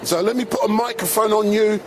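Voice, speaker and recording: A man with a fairly high voice chats and exclaims through a live street interview. He holds a handheld mic outdoors, with traffic and street noise clearly audible behind him. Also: steady tone, a little fast. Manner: chatty, exclaiming. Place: busy city street outdoors. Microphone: handheld microphone.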